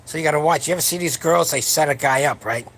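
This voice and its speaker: A gravelly, fairly high male voice with a fairly bright tone talks fast on a late-night powerlifting livestream. The man is in his seventies, at home with his wife sleeping nearby, and he rambles with crude jokes. There's slight background noise.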